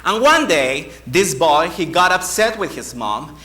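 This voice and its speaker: A man delivers a contest speech at a slow, measured pace, with dramatic pauses. His voice is bright and forceful, and it echoes through a roomy hall. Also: on the high side, animated. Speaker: contest speaker.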